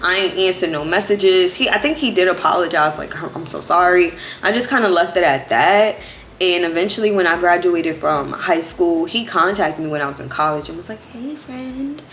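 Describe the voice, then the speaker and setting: A woman in her twenties telling a story in a chatty, animated way, with lots of "like". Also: lowish voice, fairly quick, echoey room, slight background noise. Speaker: vlogger. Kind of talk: casual storytime.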